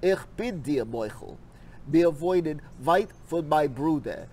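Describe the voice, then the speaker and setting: A man's voice: on the high side, animated, measured pace, warm tone. A man answering as a student, carefully reciting practice sentences.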